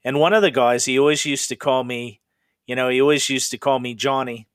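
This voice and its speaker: Brief: middle-aged male podcast host, Pacific Northwest native, rambling campfire-style storyteller, mid pitch, dry close sound. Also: fairly even intonation, a little fast, a bit bright, clear, resonant tone, no room sound. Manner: chatty, rambling, with frequent fillers. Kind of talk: casual ghost storytelling.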